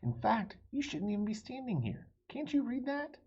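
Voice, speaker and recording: A man voicing a stern, grumpy male park policeman in a storybook reading, with a squeaky, scolding delivery. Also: sing-song, normal speed, a little mellow, husky, dull audio, full character voice.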